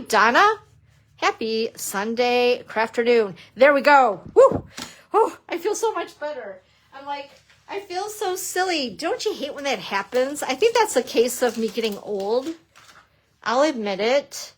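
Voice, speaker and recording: A middle-aged woman with a slightly high voice runs a live papercraft demo from her craft table. She chats in a bubbly way, pokes fun at herself and greets viewers as she works. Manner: chatty, bubbly, self-teasing, talks to viewers. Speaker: papercrafting instructor. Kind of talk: live-streamed craft demonstration.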